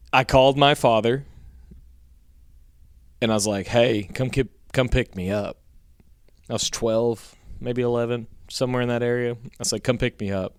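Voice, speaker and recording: In casual, profane conversation, a man co-hosting a podcast spins a rambling story, turning animated as he quotes others. His medium-pitched voice is smooth and resonant. The recording is close-miked and dry, with no room sound.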